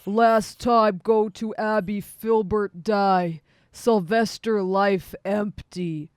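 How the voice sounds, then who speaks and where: A woman voicing a heartbroken, hulking male stitched-together monster who speaks in slow, broken, simple phrases. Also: medium pitch, steady tone, a little mellow, smooth, no echo, close to an everyday voice. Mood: mournful.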